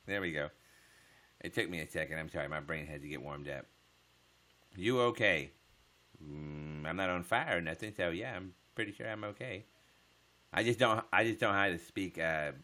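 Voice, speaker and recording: A man hosting a casual late-night livestream, joking crudely with viewers and laughing often, sometimes dropping to a hush. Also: sits low, normal speed, long pauses. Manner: drops to a hush so as not to wake his household. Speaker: livestream host.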